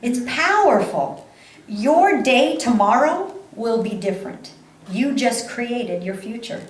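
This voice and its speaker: A woman giving a live motivational talk to an audience, animated, laughing often and repeating phrases for emphasis. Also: on the high side, takes it slowly. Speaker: motivational speaker. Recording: echoey hall.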